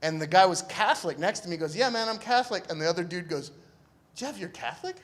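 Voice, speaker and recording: A man's voice: high voice, animated, quick pace, fairly bright tone. Laid-back man telling a story. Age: young adult. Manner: laid-back and joking, acting out the people in his story. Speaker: speaker telling a personal story. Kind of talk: storytelling talk to a live audience.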